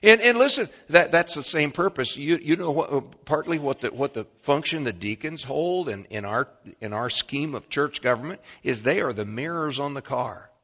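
A man preaching a sermon as pastor, emphatic and swinging between quiet and loud. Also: mid-range voice, moderate pace, hardly any pauses, husky. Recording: dull lo-fi recording.

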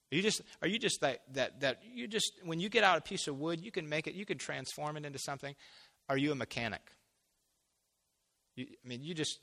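A man preaching a conversational sermon, acting out imagined dialogue and building to loud, emphatic peaks. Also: fairly high pitch, in a large hall.

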